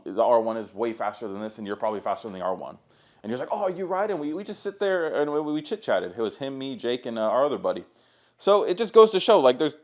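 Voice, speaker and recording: A man's voice: lowish voice, darkish tone. A young man, a car content creator, telling stories to camera in a casual, rambling, profane way. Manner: profane, laid-back, rambling.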